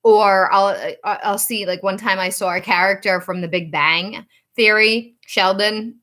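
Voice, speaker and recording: A woman tells a story straight to camera in a casual, chatty way. Her voice is bright and clear, and it rises high whenever she acts out the things people said. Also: measured pace. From Rhode Island. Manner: animated, acts out quoted dialogue with rising pitch. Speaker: psychic reader and channel host.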